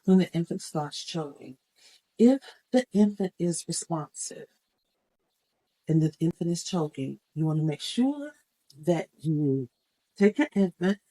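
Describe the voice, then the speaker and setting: A woman's voice: fairly low pitch, lively intonation, a little slow, dark tone, rough recording. A woman teaching CPR, giving step-by-step instructions and counting the moves aloud as she demonstrates. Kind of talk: hands-on first aid demonstration.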